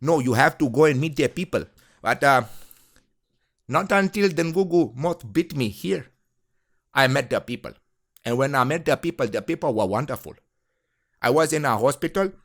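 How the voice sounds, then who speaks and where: A Romanian podcast host performs a comedic monologue in character as a boastful man, using an exaggerated put-on Kenyan English accent. He rambles earnestly with lots of halting fillers, in a medium-pitched, fairly bright voice with lively intonation.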